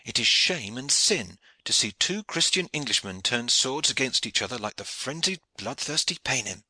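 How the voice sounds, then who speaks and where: Male reader as a pious young clerk pleading for peace; bright and animated. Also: mid-range voice, moderate pace, slightly rough, no echo, voice pushed up, full character voice, rough recording. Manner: earnest, pleading.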